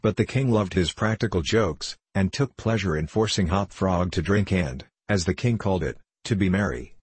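A man narrating a classic tale as an audiobook, in a measured, steady manner. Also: low-pitched, breathy edge, no room sound. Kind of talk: audiobook reading.

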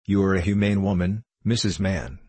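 A man's voice: deep voice, steady tone, normal speed, darkish tone, husky, no room sound. A man voicing a fat, hot-tempered parish beadle who speaks with pompous self-importance. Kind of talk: audiobook character voice.

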